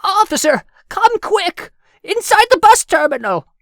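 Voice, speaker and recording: A panicked old woman shrieking for help, her voice jumping very high and swinging wildly up and down as a male narrator puts her on. It is a dry, close audiobook recording with no room sound. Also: big pitch swings, unhurried, no room sound, full character voice. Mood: frantic. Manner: shrill, urgent yelling.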